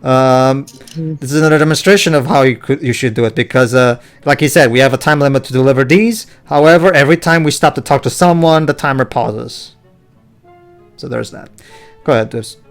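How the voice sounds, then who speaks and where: A man's voice: medium pitch, a little fast, faint music behind. A man hosting a let's play, casually explaining game mechanics with a joking tone. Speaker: let's play host and player.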